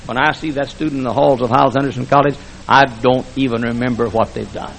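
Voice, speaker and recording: A man preaching a fiery church sermon, swinging between shouted lines and hushed speech with emphatic repetition. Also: mid-range voice, fairly even intonation, a little fast, creaky, a faint crowd, poor audio. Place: church sanctuary before a congregation.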